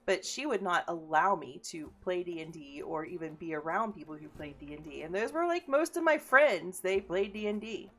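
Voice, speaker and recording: Fast-talking, profane woman chatting. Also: on the low side, a bit bright, soft background music. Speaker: interviewer. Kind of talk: casual chat.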